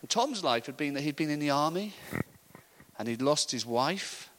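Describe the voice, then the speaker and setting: A middle-aged man telling an animated story in a sermon, acting out the voices of the people in it. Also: fairly high pitch, normal speed, rough recording. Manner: animated storytelling, acts out voices, laughs often. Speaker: preacher. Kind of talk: sermon anecdote.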